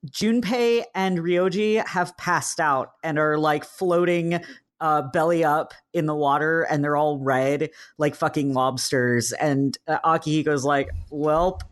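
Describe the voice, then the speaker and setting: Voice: medium pitch, fairly even intonation, a little slow. A podcast co-host casually retelling a game scene, with plenty of ums and uhs. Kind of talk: casual chat.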